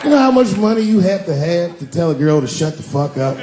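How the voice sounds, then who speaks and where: A male comedian performing a stand-up routine, spinning profane stories in a fairly high voice. A faint background hum sits under the live recording. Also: very animated, a little fast, crowd noise. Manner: profane, storytelling delivery with acted-out voices.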